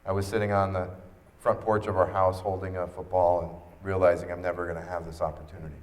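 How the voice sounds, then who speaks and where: A man speaks from an expo stage with a fairly low voice, telling a personal story earnestly. His voice carries a long reverb from the hall. He switches into lively voices when he quotes people. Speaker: keynote speaker.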